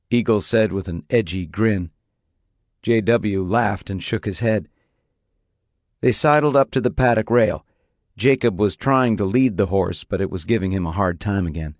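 A man narrating an audiobook in a measured, even reading voice. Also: on the low side, no echo, studio quality.

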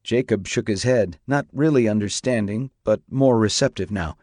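A man reading a novel aloud in an even, measured storytelling voice. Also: lowish voice, dry recording, studio quality. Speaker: audiobook narrator. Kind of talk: scripted narration.

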